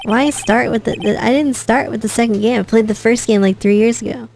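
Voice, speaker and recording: A woman's voice: fairly high pitch, fairly even intonation, brisk, gravelly, a little mellow, slight background noise. A young adult woman streamer giving casual, giggly, chatty commentary while playing a game.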